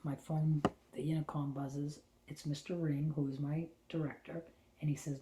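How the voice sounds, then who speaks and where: A middle-aged woman hosting a spiritual talk, telling a personal story in an animated way and dropping into hushed whispers for her inner thoughts. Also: deep voice, normal speed, hardly any pauses. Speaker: host and spiritual channeler. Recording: roomy echo.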